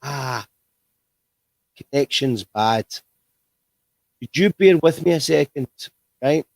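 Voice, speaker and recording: A man's voice: mid-range voice, animated, slow pace, vocal fry, darkish tone, dry recording. A man hosting a livestream interview, chatty and rambling, with frequent restarts. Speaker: host.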